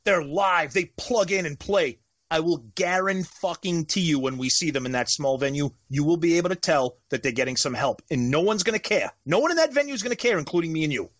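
A man's voice: fairly high pitch, lively intonation, fairly quick, a bit bright, dry recording. A man co-hosting a podcast in casual chat, talking emphatically and animatedly. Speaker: podcast co-host.

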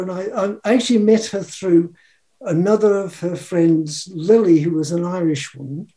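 A man's voice: sits high, warm tone. A New man in his seventies telling a personal story in a rambling, chuckling way, acting out the quotes. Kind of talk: casual storytelling.

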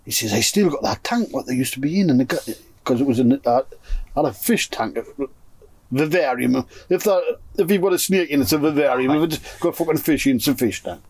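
A man's voice: medium pitch, lively intonation, a little fast, darkish tone, slightly rough, no room sound. A man with a Geordie accent telling a long story to friends in a pigeon loft, swearing constantly and acting out what everyone said. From North East England. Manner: swears constantly, acts out other people's lines. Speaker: pigeon fancier telling stories. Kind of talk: casual storytelling among friends.

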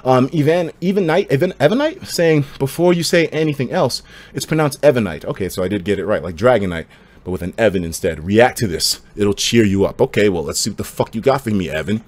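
A young man livestreaming and reading chat, slangy and profane, swinging between hyped outbursts and low mumbling. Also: fast talker.

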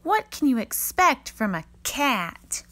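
A woman's voice: high-pitched, big pitch swings, slow pace, pushed and bright, dry recording, voice pushed up, exaggerated voice. Woman doing bossy little princess girl, snippy. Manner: snippy and scolding.

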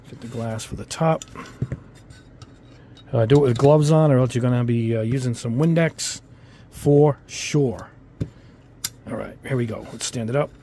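A man's voice: medium pitch, a little slow, pauses often, dark tone, slight background noise. A man with a New England accent tinged with Italian-American speech, giving a rambling, casual product review at his hobby bench. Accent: New England with Italian-American touches. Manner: rambling, filler-heavy, chatty asides. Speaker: hobby model-kit YouTuber.

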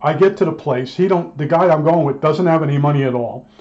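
This electronics technician talks a little fast in a higher, darkish voice, meandering through a long, casual story. He voices both sides of old disputes as he goes. It's a dull, lo-fi recording.

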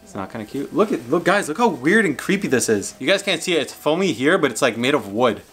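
A young adult man hosting a casual unboxing vlog, excitable, reacting loudly and swearing. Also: a little high, quick pace. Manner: excitable, swears and yelps when hurt. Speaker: YouTube host.

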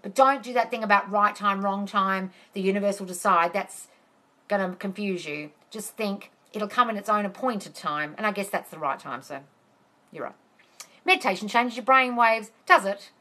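A woman's voice: medium pitch, moderate pace, bright, forceful tone. A woman coaching on a live stream, answering viewers' comments bluntly, swearing freely and calling them darling. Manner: blunt and profane, exasperated rants. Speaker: manifestation coach.

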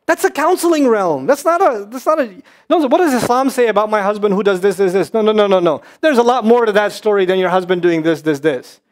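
A man's voice: high-pitched, lively intonation. A man giving a religious lecture to an audience, impassioned and emphatic, repeating points and rising to scolding. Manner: quick, emphatic repetitions. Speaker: Islamic speaker.

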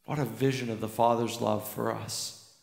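A man's voice: medium pitch, steady tone, normal speed, vocal fry. A man preaching a sermon as pastor, earnest and emphatic, repeating key lines for weight. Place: church sanctuary. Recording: echoey church hall with long reverb.

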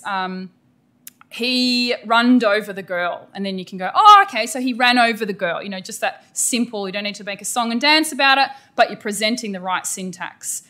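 A middle-aged Australian woman gives an energetic, emphatic professional development lecture to teachers. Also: mid-range voice. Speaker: teacher educator presenting a workshop.

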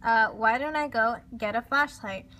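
A woman reading a storybook aloud, voicing an excitable young schoolboy who insists on vampires. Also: fairly high pitch, a little slow, slight background noise. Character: jumpy young schoolboy, prankster, convinced of vampires.

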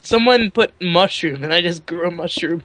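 A man's voice: high voice, normal speed, fairly bright tone, slight background noise. A man making cheeky remarks to his friends during a game over voice chat. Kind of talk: casual gaming chat.

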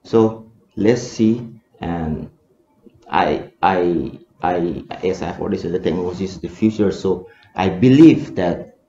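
A man's voice: low voice, measured pace, warm tone, slight background noise. A man with a Manipuri English accent, a research scholar answering in a seminar discussion, talking hesitantly with many fillers and restarts. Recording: echoey room, dull lo-fi sound.

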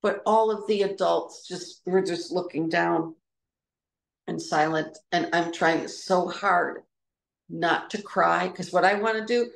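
A middle-aged woman giving an informal, reflective talk about personal experience, pausing and restarting as she searches for words. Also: lowish voice, creaky, reverberant. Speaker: trauma recovery speaker.

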